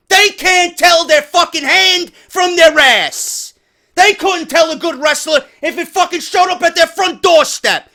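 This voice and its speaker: A man's voice: very high voice, animated, a little slow, pushed and bright. A man giving wrestling news commentary, sliding into heated, profane, sarcastic rants.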